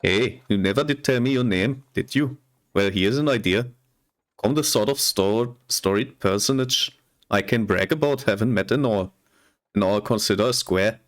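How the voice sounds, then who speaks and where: A cheerful traveling merchant in a game, talking in a thick Scottish lilt, voiced by a man reading along. He sounds lowish and friendly, and he stumbles now and then over the longer words. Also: moderate pace, close to an everyday voice. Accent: put-on Scottish. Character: chatty male merchant guide, cheerful and folksy.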